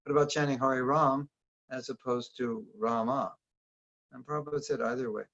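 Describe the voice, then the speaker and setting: A man's voice: medium pitch, steady tone, moderate pace, fairly bright tone. A man giving a casual workshop talk over a video call, asking his listeners questions as he goes. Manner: conversational, asks the audience questions. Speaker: workshop teacher. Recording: dull lo-fi online audio.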